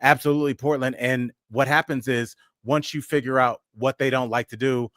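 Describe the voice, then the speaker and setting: A man's voice: mid-range voice, fairly even intonation, normal speed, a bit bright, no room sound, studio quality. A man co-hosting a news and comedy podcast, talking casually with frequent fillers and restarts. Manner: conversational, many fillers and restarts. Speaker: podcast co-host.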